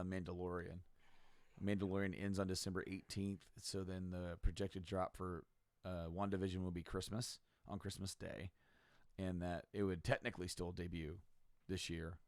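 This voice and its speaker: A man with a lowish voice chatting on a podcast. He talks in an easygoing way and gets animated when retelling a story. The sound is dry and close. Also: normal speed, no echo. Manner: animated storyteller, acts out scenes with exaggerated voices. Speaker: podcast co-host. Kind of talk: casual chat.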